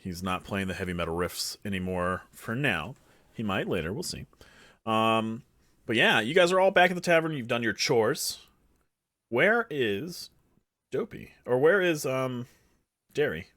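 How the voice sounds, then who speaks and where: A man running a tabletop game as dungeon master, loud and playful, joking with his players. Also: mid-range voice, lively intonation, unhurried, no room sound, clean studio sound. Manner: loud, playful, laughing, teasing.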